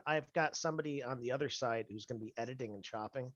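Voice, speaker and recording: A man's voice: medium pitch, a little fast, fairly bright tone, no echo, muffled recording. A man interviewing a guest over a video call, in a chatty, joking way with frequent restarts. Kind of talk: casual conversational interview.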